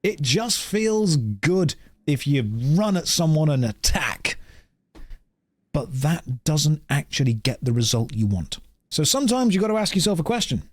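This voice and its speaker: An English man streams a video game, chatting and ranting with lots of energy as he plays, even acting out both sides of conversations. His voice sits at a medium pitch with no echo, and the talk is casual gameplay commentary.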